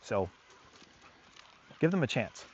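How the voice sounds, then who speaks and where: A man's voice: medium pitch, very animated, slow, highs cut off, slight background noise. Earnest man explaining dog training outdoors. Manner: earnest and emphatic, repeats key phrases. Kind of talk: explaining on camera while walking a dog. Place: outdoors on a park trail.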